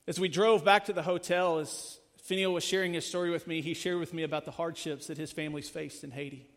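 A man preaching a sermon as pastor, earnest, rising in force and then dropping to a hushed close. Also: on the high side, fairly even intonation, fast talker. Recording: long hall reverb.

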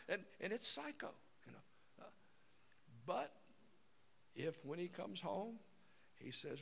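A man's voice: mid-range voice, animated, unhurried, creaky, fairly bright tone, slightly rough. A man in his sixties giving a folksy, rambling teaching talk, acting out everyday scenes with voices. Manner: rambling, acts out scenarios with voices. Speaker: seminar speaker.

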